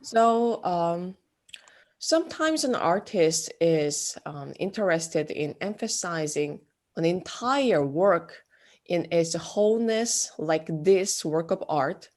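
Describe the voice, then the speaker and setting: A woman giving a classroom art lecture, speaking haltingly with many fillers. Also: on the low side, expressive, a little mellow. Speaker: art instructor.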